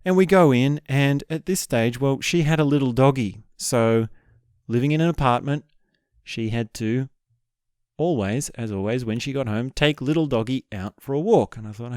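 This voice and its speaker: A man's voice: medium pitch, moderate pace, a little mellow, clean tone, no echo, studio quality. A man hosting a podcast, telling an embarrassing personal story in a candid, self-deprecating way. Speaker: podcast host. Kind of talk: storytelling monologue.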